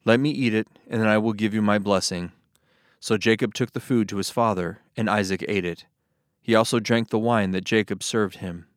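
A man reading Bible passages aloud as scripted narration, with a steady, even storytelling delivery. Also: fairly low pitch, moderate pace, no echo, clean studio sound. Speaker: Bible reader.

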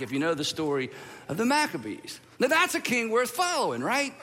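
A man's voice: high voice, normal speed, big-room sound. A male pastor giving a humorous sermon, telling stories with playful drama. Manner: animated, playful dramatic storytelling.

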